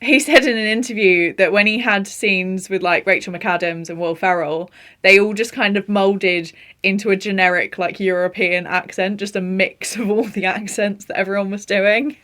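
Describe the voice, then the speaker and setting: A young woman chatting casually about her favourite film performances, gushing and animated, laughing often. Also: mid-range voice, moderate pace. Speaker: film vlogger. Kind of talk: casual film review chat.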